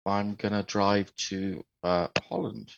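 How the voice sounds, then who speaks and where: A man's voice: lowish voice, steady tone, slow, vocal fry, no room sound, highs cut off. A man, joking and swearing as a podcast co-host in casual chat. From England.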